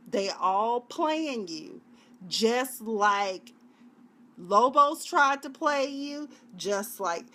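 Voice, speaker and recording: A woman's voice: a little high, a bit bright. A woman reviewing a TV drama in a chatty, dramatic way, now and then acting out the scenes in put-on voices. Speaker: TV show reviewer. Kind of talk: casual video review.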